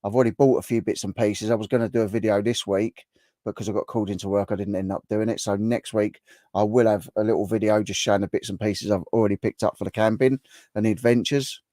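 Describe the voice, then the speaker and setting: A man's voice: fairly low pitch, steady tone, fast, warm tone, no echo, clean studio sound. A middle-aged man, hosting a casual livestream, chatting and answering viewer comments in a rambling way. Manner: chatty and rambling, with many restarts. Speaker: livestream host. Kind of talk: casual live chat reading viewer comments.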